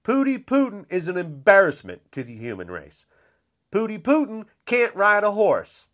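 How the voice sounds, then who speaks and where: A man's voice: high voice, huge pitch swings, normal speed, a bit bright. An older man delivering an angry, blunt rant, repeating himself and saying how upset he is. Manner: indignant, repetitive, blunt.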